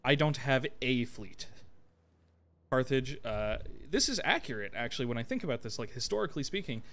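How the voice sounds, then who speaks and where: A young man giving casual, rambling commentary over his strategy game, swearing freely and thinking out loud with lots of fillers. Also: mid-range voice, expressive, a little fast. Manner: rambling, profane, with frequent fillers. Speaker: gameplay video host.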